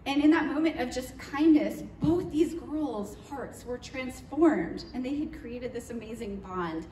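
A woman telling a church congregation about a trip in a lively, chatty way, with plenty of fillers and acted-out quotes. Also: high-pitched, a little slow, a little hiss or hum. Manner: animated, chatty, lots of fillers, acts out quotes. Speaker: mission trip leader speaking to church. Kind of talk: storytelling trip recap. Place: church hall. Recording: roomy echoey hall, mic far off.

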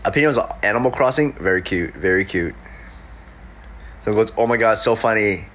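Young man, livestream, sniffly cold, playful, animated pitch, desk mic, faint room ambience. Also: fairly quick, a little hiss or hum. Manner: playful, jokey, reacting to comments. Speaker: livestreamer reading chat. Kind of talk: casual livestream chat. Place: his room in an apartment.

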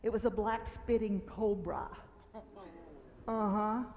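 A woman telling a children's story at a church service, animated and dramatic, acting out fearful cries and screams. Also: mid-range voice, slow, big-room sound, slight background noise. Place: large meeting hall.

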